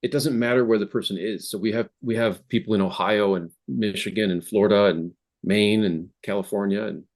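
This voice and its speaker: Low-voiced man, halting interview guest. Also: steady tone, darkish tone. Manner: hesitant, many restarts and fillers. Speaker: app founder guest. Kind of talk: casual interview conversation. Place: home office.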